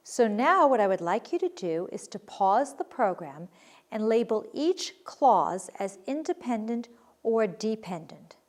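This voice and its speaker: A woman teaching a recorded grammar lesson, explaining clearly and deliberately and reading her examples with emphasis. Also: fairly high pitch, sing-song.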